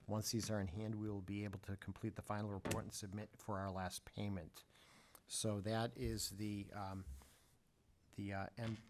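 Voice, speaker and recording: Low-voiced man chairing a meeting. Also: a little mellow. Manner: measured, halting with many fillers. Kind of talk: formal public meeting.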